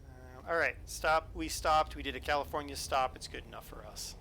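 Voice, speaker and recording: A man's voice: medium pitch, normal speed, vocal fry, pushed and bright, a little hiss or hum. A man casually chatting with his viewers while playing a truck-driving game, joking around and explaining things as he goes. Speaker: streamer. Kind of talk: casual live gameplay chat. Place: home streaming setup.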